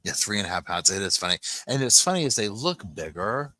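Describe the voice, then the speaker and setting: Low-voiced guy doing a chill livestream from home, chatty and cooing at his pups, bright sharp tone. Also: very animated, fairly quick, dry recording. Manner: chatty, coos softly to his puppies. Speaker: livestream host. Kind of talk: casual livestream chat.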